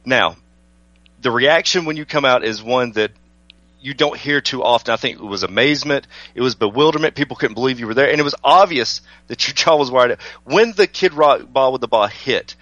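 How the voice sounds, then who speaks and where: A man's voice: mid-range voice, a little fast, fairly bright tone, no echo, dull audio. Polite man hosting a radio interview. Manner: polite, deferential, calls the guest sir. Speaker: radio show host.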